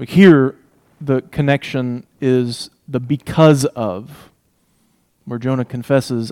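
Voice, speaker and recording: A man preaching an expository sermon, emphatic, swinging between loud declarations and hushed asides. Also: mid-range voice, fairly even intonation, takes it slowly, clean tone.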